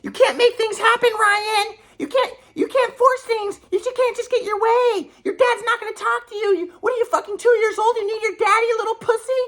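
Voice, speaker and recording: A man putting on the voice of a scornful, cursing mother in a sneering high falsetto. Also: fairly even intonation, fairly quick, hardly any pauses, fairly bright tone.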